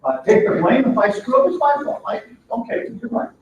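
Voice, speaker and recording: A very high, brisk voice belongs to a trainer leading a live seminar, where he animatedly acts out workplace exchanges. Audio is lo-fi with slight background noise, and the far-off mic gives an echoey room sound.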